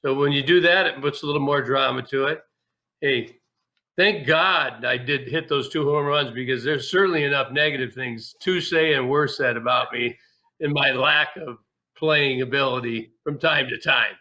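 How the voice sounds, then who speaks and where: A man's voice: medium pitch, moderate pace. A man guest, a former pro ballplayer, telling candid, folksy stories in a casual interview. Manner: animated, candid, folksy with restarts.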